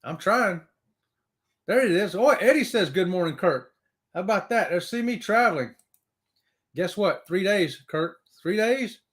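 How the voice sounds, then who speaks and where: High-voiced, whooping live-stream host. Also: male voice, animated, a little slow, a bit bright. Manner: upbeat, whooping greetings. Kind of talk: casual live-stream chat, reading comments aloud.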